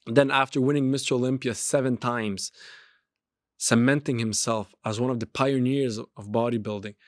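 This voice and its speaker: A man's voice: medium pitch, no echo. Emphatic man giving a dry close pep talk. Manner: emphatic, repeats phrases and restarts. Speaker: podcast host and street pastor. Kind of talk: motivational monologue.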